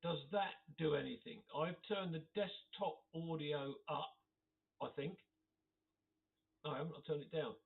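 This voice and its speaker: A man's voice: a little high, a little slow, vocal fry, pauses often. A man chatting casually to viewers on a live stream, laughing often as he reads out comments. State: occasional cough. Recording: tinny phone-like audio.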